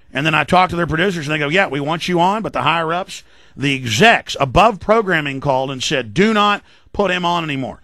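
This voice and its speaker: A male radio talk show host, delivering an emphatic, defensive, rapid-fire monologue. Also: a little high, bright, forceful tone, no room sound, studio quality. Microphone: studio mic.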